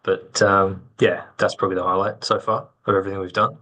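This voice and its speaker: A man's voice: low voice, little pitch movement, fairly quick, sharp tone. A man from Australia in a metal band, answering questions in a laid-back, joking way. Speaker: band member. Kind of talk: casual interview chat.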